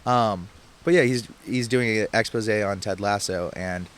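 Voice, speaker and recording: A young man co-hosting a podcast, chatting casually and retelling scenes with lively acted-out quotes. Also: on the low side, measured pace. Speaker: podcast co-host. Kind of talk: casual chat.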